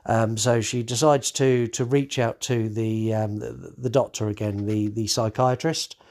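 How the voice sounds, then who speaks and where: A man's voice: mid-range voice, fairly even intonation, a little slow, darkish tone. A man hosting a podcast, recapping a horror movie in casual chat, swearing freely and stumbling over restarts. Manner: swears freely, acts out characters' lines; many fillers and restarts. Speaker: podcast host.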